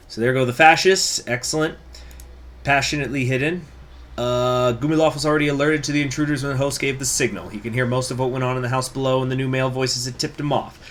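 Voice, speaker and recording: A man plays through a strategy game, reading its event text aloud in a mid-pitched voice. He breaks off into casual, joking asides between passages. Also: a bit bright. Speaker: let's play host.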